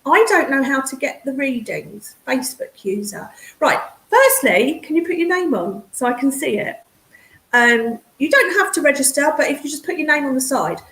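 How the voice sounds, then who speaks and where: A woman, a psychic medium chatting casually and excitedly with viewers on a live stream, calling them darling and hun. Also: high-pitched, normal speed, reverberant, rough recording. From English Midlands. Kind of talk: casual livestream chat with viewers. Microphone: computer mic on a streaming setup.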